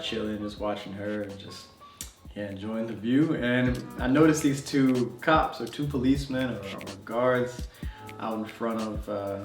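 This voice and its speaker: A young man telling a travel story to camera in a loose, conversational way, with fillers and laughs. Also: medium pitch. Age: young adult. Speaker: travel vlogger. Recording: roomy sound, distant mic, faint music.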